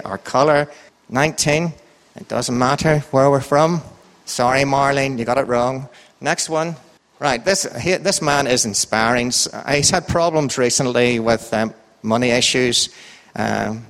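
A man's voice: medium pitch, a bit bright. Sing-song Irish man in a reverberant hall. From Ireland. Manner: sing-song, up-and-down intonation, chatty and joking. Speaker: church group leader. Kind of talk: informal Bible talk with a quiz.

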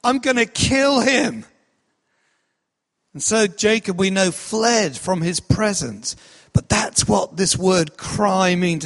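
Male preacher, high voice, unhurried and emphatic, in an echoing hall. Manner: slow, emphatic delivery, acting out cries. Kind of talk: sermon. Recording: long hall reverb.

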